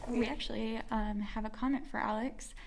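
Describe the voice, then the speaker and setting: A woman co-hosting a live painting stream, reading viewer comments aloud in a soft, quiet way. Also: a little high, steady tone, moderate pace, creaky. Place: art studio.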